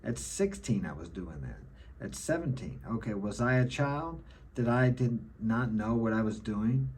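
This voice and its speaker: A man's voice: mid-range voice, expressive, unhurried, darkish tone, a little hiss or hum. A middle-aged man giving an opinionated monologue to camera, lecturing and often ending his points with a checking "okay?". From United States. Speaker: self-help vlogger.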